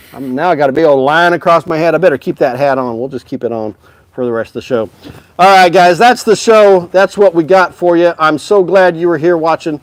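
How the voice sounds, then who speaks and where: On the high side and recorded with no room sound, this man's voice carries a casual live-stream sales chat from a music store, where he talks upbeat and directly to viewers about instruments.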